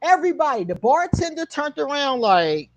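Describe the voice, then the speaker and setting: A fairly high-voiced woman hosts her own channel and tells a story in a casual, animated way. She laughs often and swears freely. Her voice swings widely in pitch and sounds dry and close. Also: normal speed, no echo. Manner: talks straight to viewers. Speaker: channel host.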